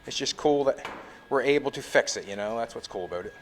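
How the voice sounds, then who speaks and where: Fitting and tacking metal on a car in his garage workshop, this middle-aged show host and builder chats casually to the camera, rambling as he thinks out loud. He speaks quickly and expressively at a medium pitch, with noisy surroundings.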